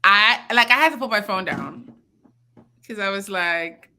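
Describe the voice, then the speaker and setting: A woman chats casually as a podcast host. Her voice is bright and clear, and she tells stories in an animated way, packed with fillers and quick laughs. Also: medium pitch, slight background noise. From Nigeria. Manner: animated storytelling, laughs often, many fillers. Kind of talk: casual chat.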